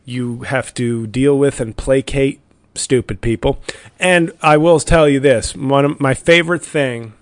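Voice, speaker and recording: A man's voice: mid-range voice, no echo. A man hosting his own comedy podcast, talking alone in a rambling, wry and self-deprecating way. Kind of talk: rambling solo podcast monologue.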